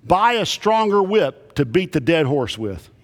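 A man's voice: a little high, sing-song, a little slow. A man preaching a sermon to a congregation, telling folksy, humorous stories. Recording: long reverb of a big hall.

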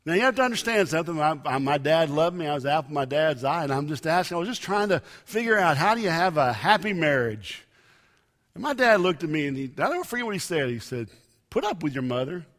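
A man preaching a sermon, with emphatic loud rises and soft drops. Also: on the high side, very animated, quick pace. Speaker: pastor. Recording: long reverb of a large hall.

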